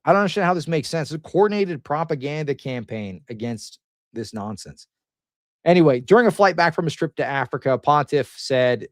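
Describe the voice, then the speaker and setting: A man's voice: a little high, animated, normal speed, no room sound, studio quality. A man hosting a news commentary show who talks in a casual, slangy way and laughs often. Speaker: host.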